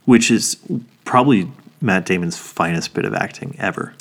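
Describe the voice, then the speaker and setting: Low-voiced man swearing through casual chat. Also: moderate pace, gravelly, fairly bright tone, breathy edge. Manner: swears a lot, gets emotional about movies. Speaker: podcast co-host.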